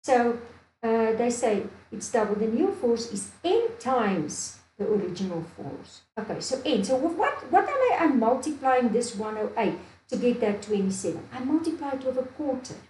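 A woman's voice: a little high, very animated, moderate pace, warm tone, slight background noise. Woman teaching maths in an echoey room. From Namibia. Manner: thinks aloud, repeats steps, asks "do you see?". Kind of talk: whiteboard maths lesson. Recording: echoey room with faint ambience.

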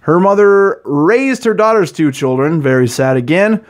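A man's voice: a little high, lively intonation, moderate pace. A man co-hosting a podcast, reading case notes and joking around in casual chat. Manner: joking, irreverent, laughs often. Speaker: podcast co-host.

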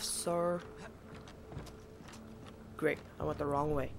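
A woman's voice: low voice, fairly even intonation, moderate pace, creaky, pauses often, background noise. A young woman giving let's-play commentary to her viewers, exasperated and self-mocking, on a home mic that cuts out. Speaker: gaming channel host. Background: game music.

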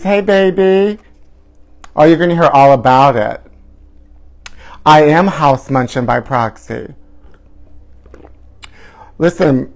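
Flamboyant campy man, sing-song. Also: a little high. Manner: flamboyant, sing-song, calls viewers honey. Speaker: host of a live gossip show. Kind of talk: campy live-stream gossip chat.

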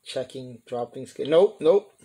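Excited man live-streaming, slow drawl. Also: medium pitch, a little hiss or hum. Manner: excited, chatty, greets viewers by name. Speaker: pigeon show host. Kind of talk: live-stream chat with viewers.

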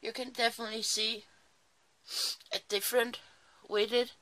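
A woman's voice: a little high, little pitch movement, normal speed, bright, forceful tone. A woman chatting casually and sleepily while crafting in her small home craft room, rambling with apologetic asides. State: sleepy, early morning. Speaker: crafting vlogger.

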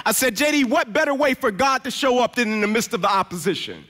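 A man's voice: high voice, lively intonation, fast, few pauses, pushed and bright. A man in his thirties giving an emphatic motivational sermon as a guest speaker in a church, telling a personal story and acting out the dialogue.

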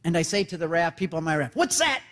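A man giving an animated storytelling talk to an audience, acting out short voices as he tells it. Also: on the high side, rapid-fire. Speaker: Catholic speaker. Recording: reverberant hall.

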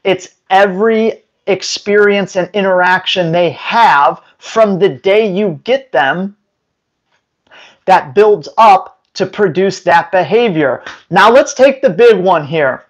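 With a high voice and lively intonation, a man shares dog training advice directly with his audience. He speaks emphatically, occasionally slipping into quick impressions of owners and dogs.

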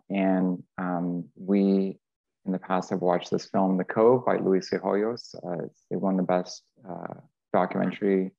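A man who teaches geography, talking in a halting way with many fillers and repeated words on a panel. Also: low-pitched, gravelly, darkish tone, muffled recording.

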